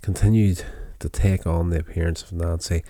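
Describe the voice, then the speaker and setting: Deep-voiced tired man rambling through a recap. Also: steady tone, normal speed, dark tone, no echo, studio quality. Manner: rambling, many fillers and restarts. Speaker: show recapper. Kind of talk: casual episode recap.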